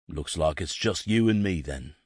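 A man's voice: low voice, expressive, moderate pace, breathy edge, no echo, clean studio sound. A man voicing a confident, wry male detective who reassures his nervous friend. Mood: reassuring.

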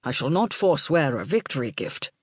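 A woman voicing a proud king whose words come hushed and awed. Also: a little high, sing-song, normal speed, breathy edge, no room sound, clean studio sound. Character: entranced warrior king, proud and covetous.

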